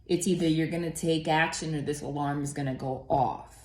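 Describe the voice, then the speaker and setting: A woman's voice: low voice, fairly even intonation, fairly quick, a little mellow. A woman giving a casual tarot reading in a chatty, rambling way, full of fillers and casual swearing. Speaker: tarot reader. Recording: roomy echo.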